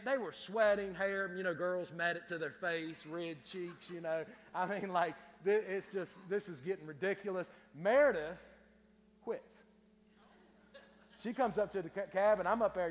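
Preacher guy, high voice, folksy storytelling sermon, big echoey church hall. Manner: folksy storytelling with Southern country speech. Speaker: pastor.

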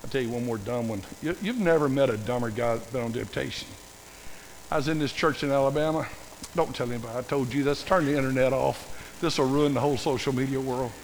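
Older pastor telling folksy, self-mocking sermon stories, gravelly voice in a big reverberant hall. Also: male voice, mid-range voice, slight background noise.

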